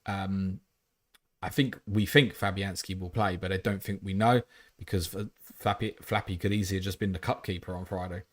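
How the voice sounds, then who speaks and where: Fast-talking, low-voiced man hosting a stream. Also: fairly even intonation. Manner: blunt, swears casually, quick answers. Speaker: fantasy football livestream host. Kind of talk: fast live Q&A reading chat questions.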